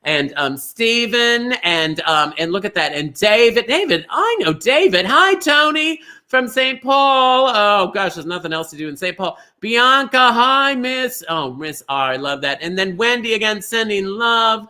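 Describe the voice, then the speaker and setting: A man's voice: high voice, animated, measured pace, few pauses, bright, forceful tone. A man from Minnesota hosting a livestream bingo show, chatty and gushing as he greets viewers by name.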